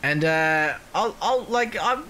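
A man's voice: high-pitched, animated, takes it slowly, sharp tone, a little hiss or hum. Rambling, swearing man playing a game. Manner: rambling, profane and joking. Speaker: gaming channel host. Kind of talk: casual let's-play commentary.

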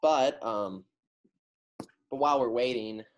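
A man's voice: medium pitch, slow pace, dull audio, a little hiss or hum, natural voice. A teen boy playing a stammering shy suitor. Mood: nervous. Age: teens. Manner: stammering, hesitant. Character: shy young man, Ferdinand, playing frog. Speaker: student actor.

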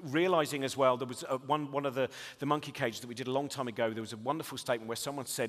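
A man, a comedian telling comic stories in a talk, animated and acting out voices. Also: medium pitch, very fast. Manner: animated, acts out voices, rising to loud laughing bursts. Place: stage in a lecture hall. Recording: long reverb of a lecture hall.

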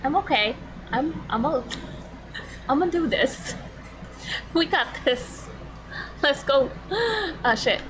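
A woman live-streaming a video game, excitable and often swearing as she talks to the game, with game music playing behind her. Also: sits high, takes it slowly, pauses often, background noise.

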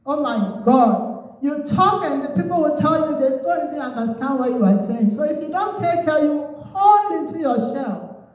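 A Ghanaian woman with a Ghanaian English accent preaches a sermon in a high, expressive, darkish voice at normal speed, exhorting listeners through call-and-response with Amens and Hallelujahs. Her voice echoes through a very reverberant hall and sounds far from the mic.

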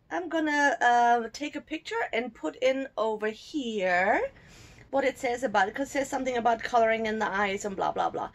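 A woman's voice: fairly high pitch, slightly rough. A woman from Germany chatting casually as she unboxes a subscription box at home, cooing over the cute items and giggling often. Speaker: unboxing vlogger.

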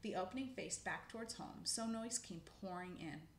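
A woman's voice: mid-range voice, normal speed. Woman narrator of a children's book, casual with asides, echoey room, faint hiss. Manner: casual, with spoken asides and self-corrections. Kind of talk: reading a children's book aloud.

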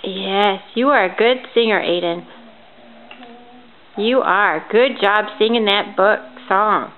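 Older woman, grandmother. Sing-song, coaxing toddler talk with soft shushing; thin phone-like sound with faint hiss. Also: medium pitch, takes it slowly. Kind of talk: playful reading to a small child. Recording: tinny lo-fi home camera audio with faint hiss.

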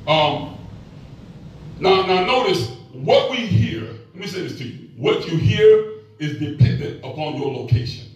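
A man's voice: on the high side, expressive, measured pace. A man in his sixties preaching a sermon as pastor, folksy and calling out to the congregation. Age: 60s. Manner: folksy, call-and-response preaching. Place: church. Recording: echoey church from far off with music.

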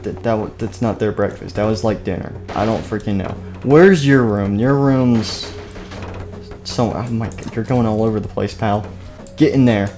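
Into a desk microphone, a young man narrates a game role-play on a live stream, rambling goofily and often cutting himself off. His voice is fairly low and mellow at a normal speed, with soft music in the background.

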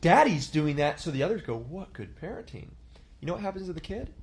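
A man's voice: on the high side, big pitch swings, fast talker, a little hiss or hum. A man in his thirties teaching a church leadership class in a conversational way, asking the class questions and acting out quotes.

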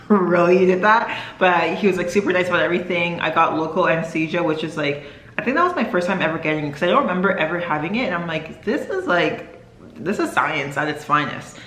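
In an echoey room, a young woman with a lowish, slightly bright voice chats casually to the camera for her vlog. She rambles, using plenty of fillers and correcting herself often.

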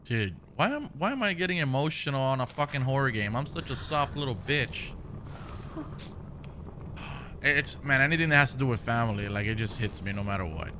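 A young man commenting on a horror game as he plays, swearing often and breaking into loud outbursts. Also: mid-range voice, animated, quick pace, few pauses, background noise. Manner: profane, reactive, loud outbursts. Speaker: gaming commentator. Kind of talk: let's play commentary.

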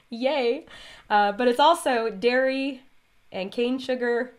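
A woman's voice: a little high, slow pace. A woman hosting her stitching vlog, chatting casually and rambling off on tangents while she stitches. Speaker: vlog host and cross-stitch designer.

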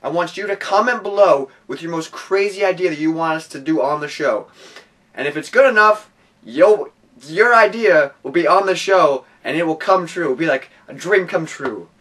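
A man's voice: on the high side, moderate pace, fairly bright tone, distant mic. A young man hosting a goofy comedic vlog, hammy and full of silly put-on voices. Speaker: vlog host.

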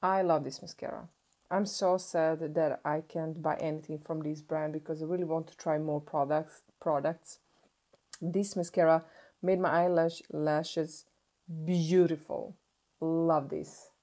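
In a casual unboxing vlog, a young beauty vlogger from Sweden opens makeup products while speaking English, excitable and effusive, with small pauses and restarts. She has a slightly low voice that sounds warm and mellow instead of bright.

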